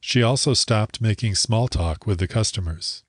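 Guy reading a story aloud, calm and measured, really deep voice, super dry close sound. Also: slightly rough, no room sound. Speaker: story narrator. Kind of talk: audiobook narration.

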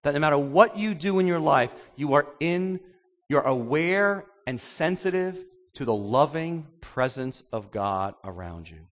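A male pastor delivers an animated sermon and acts out voices as he goes. His pitch swings widely from phrase to phrase, and long reverb hangs behind his words. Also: measured pace.

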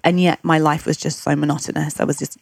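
A woman's voice: deep voice, level tone, quick pace, gravelly, slightly rough, dry recording. A woman hosting a conversational interview, reflective and asking questions aloud. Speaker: podcast host.

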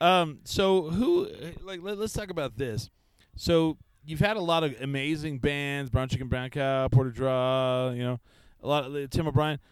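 A man interviewing casually at an outdoor festival campground, telling stories in a rambling, quick way full of fillers. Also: on the high side, clean tone, no room sound, poor audio.

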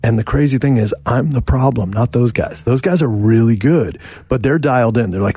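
A man's voice: medium pitch, fairly quick, few pauses, breathy edge, no room sound, studio quality. A man from New York, a songwriter guest, telling a long rambling anecdote with lots of fillers. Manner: animated, rambling, many fillers. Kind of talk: anecdotal storytelling. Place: house.

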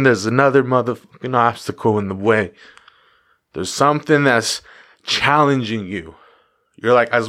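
A motivational vlogger gives a casual talk in a medium-pitched, fairly bright voice. He hammers his points home through emphatic repetition and the occasional swear word.

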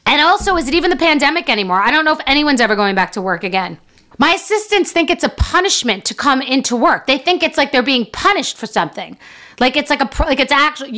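A woman's voice: high voice, big pitch swings, fast talker, bright, forceful tone. A middle-aged woman telling a story in a casual monologue, rambling, self-mocking and freely swearing. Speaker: business owner telling a story.

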